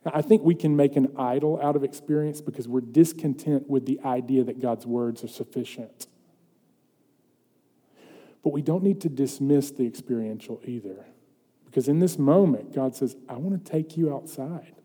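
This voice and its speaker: A man preaching a sermon, earnest, moving between loud emphatic passages and quiet, hushed ones. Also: mid-range voice, moderate pace, breathy edge. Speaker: pastor. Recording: long hall reverb.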